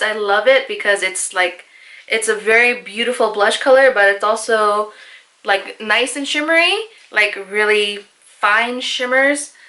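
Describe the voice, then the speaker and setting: Bright-voiced chatty woman beauty vlogger. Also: medium pitch. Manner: chatty, self-deprecating, lots of "like". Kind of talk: casual makeup tutorial voice-over.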